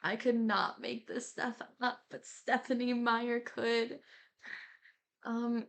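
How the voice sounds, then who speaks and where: A young woman murmurs through a quiet ASMR ramble with a gravelly fry under her voice. Her voice sits a bit high. She keeps it casual and giggly and leans on fillers as she goes. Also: flat delivery, takes it slowly. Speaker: YouTuber.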